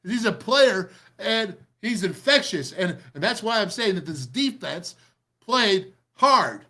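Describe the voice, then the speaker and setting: A middle-aged man hosting a show, excitedly breaking down football game film in a rambling, pumped-up way. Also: high-pitched, takes it slowly.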